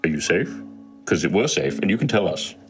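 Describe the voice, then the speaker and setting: A man's voice: sits low, big pitch swings, moderate pace, music in the background. A man playing a tabletop game, teasing and interrogating the others in character. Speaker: player.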